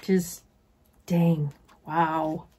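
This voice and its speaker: A woman's voice: sits low, level tone, drawn-out words, mellow, breathy edge. A middle-aged woman chatting casually as a beauty vlogger, gushing to her viewers like friends while unboxing at home.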